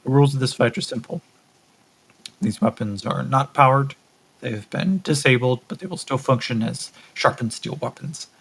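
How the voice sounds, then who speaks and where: A man's voice: medium pitch, normal speed, gravelly, a bit bright, slightly rough. A man voicing a cold, controlling male captor who gives clipped, menacing orders. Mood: commanding.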